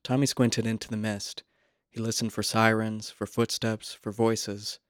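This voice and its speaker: Low, dry-voiced male story reader. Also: no room sound. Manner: measured, quiet, even storytelling. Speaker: narrator. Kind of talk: scripted literary narration.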